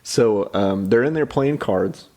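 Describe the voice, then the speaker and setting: A man's voice: fairly low pitch, lively intonation, takes it slowly, mellow. A young man from Houston, co-hosting a podcast and casually recapping a film's scenes, laughing often. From Houston, Texas. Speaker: podcast co-host. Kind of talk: casual chat about a film.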